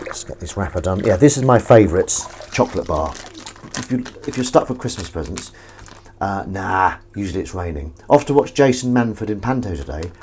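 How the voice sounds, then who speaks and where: A man hosts a casual live stream from his kitchen sink. He rambles through chatty, self-mocking asides, his pitch leaping up and down as he talks. A faint background hiss sits under his voice. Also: expressive, brisk. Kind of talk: casual live-stream chat while washing up.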